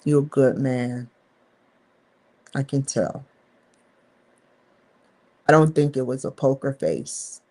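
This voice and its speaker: A woman's voice: extremely low pitch, slow pace, pauses often, a little mellow. A woman talking to the camera in a rambling, candid vlog monologue, swearing freely and leaning hard on stressed words. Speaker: vlogger.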